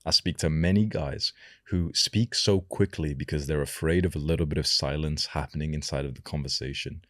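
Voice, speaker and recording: A young man coaching viewers, talking slowly and deliberately and lowering the end of each sentence. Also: steady tone, dry recording, clean studio sound. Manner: slow, deliberate delivery with lowered sentence endings. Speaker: self-improvement coach. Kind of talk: advice talk to camera.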